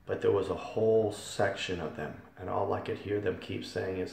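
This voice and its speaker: Gravelly man giving a church testimony. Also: deep voice, steady tone, moderate pace. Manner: fervent, repetitive, swells loud on key phrases. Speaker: testimony speaker. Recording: echoey hall from far off.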